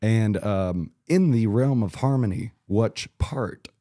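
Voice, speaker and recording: A young man from Arkansas hosting a podcast, chatting casually and teasing his guests with quick jokes. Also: lowish voice, mellow, no echo, clean studio sound. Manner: joking, teasing, quick asides. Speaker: podcast host. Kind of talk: casual interview chat.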